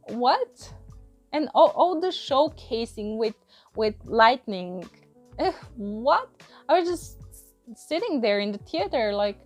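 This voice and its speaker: Exasperated woman reviewing a film, faint music behind. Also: fairly high pitch. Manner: exasperated, rambling, frequent laughs and restarts. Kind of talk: casual spoken movie review.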